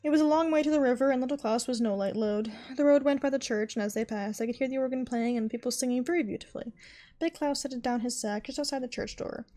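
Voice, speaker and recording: Fast-reading woman storyteller. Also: on the high side, mellow. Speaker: streamer reading aloud.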